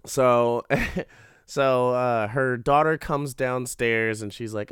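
A man's voice: mid-range voice, steady tone, slow, fairly bright tone, clear, resonant tone, no echo, studio quality. Profane, rambling man recapping a show. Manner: profane, rambling, laughs often. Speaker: show reviewer. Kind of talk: casual comedic recap.

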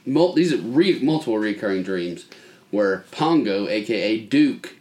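A man telling a childhood story on a casual podcast, acting out the voices of the people in it. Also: measured pace. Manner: animated storyteller, acts out voices with big pitch jumps. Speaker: podcast co-host.

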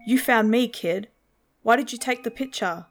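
A woman's voice: a little high, lightly acted. A woman voicing a terse, impatient man who gives curt, grim advice. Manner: curt, blunt, no pauses.

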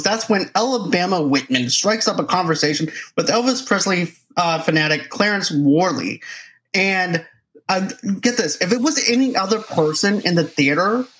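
A man's voice: high voice, fairly bright tone. A chatty man hosting a casual movie review conversation. He talks in loose, run-on sentences and slips into quoted reactions to make his points. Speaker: podcast host.

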